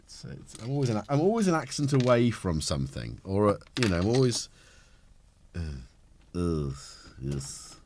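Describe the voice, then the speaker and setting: Speaking fast with hardly a pause, this livestream host has a medium-pitched, slightly mellow voice that swings widely in pitch. He's a middle-aged man with a cold who rambles and jokes at his own expense as he fiddles with his equipment, over a faint hiss or hum.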